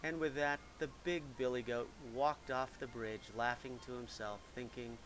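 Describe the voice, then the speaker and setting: A man narrating a children's storybook in a gentle, expressive reading. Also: medium pitch, moderate pace, few pauses, a little hiss or hum, rough recording. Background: music.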